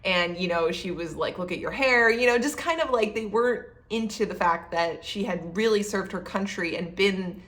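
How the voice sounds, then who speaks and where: A chatty woman in her thirties talks through a book she read, in an easy, rambling way. She keeps dropping fillers and acts out her own thoughts in little quoted asides. Her pitch sits right in the middle for a woman. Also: normal speed, few pauses. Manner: chatty, many fillers like um and you know. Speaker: book vlogger. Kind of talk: casual book review.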